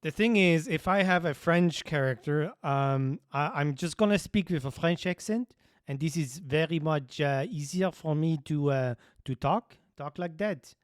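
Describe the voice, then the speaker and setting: A man's voice: on the high side, unhurried, few pauses, dry recording, clean studio sound. A young man chatting casually on a livestream, rambling and thinking aloud while chuckling at his own ideas. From Switzerland. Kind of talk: casual stream chat.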